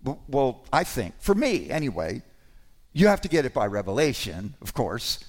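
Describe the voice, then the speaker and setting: A man delivers a sermon to his congregation at a medium pitch and moderate pace. He sounds conversational and animated, breaking into sudden emphatic rises.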